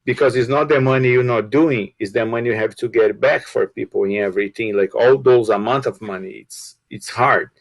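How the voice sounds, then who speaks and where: A balloon shop owner and guest, telling a casual story in halting with grammar and repeated words. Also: male voice, mid-range voice, vocal fry, no echo, poor audio. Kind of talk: casual storytelling on a live show.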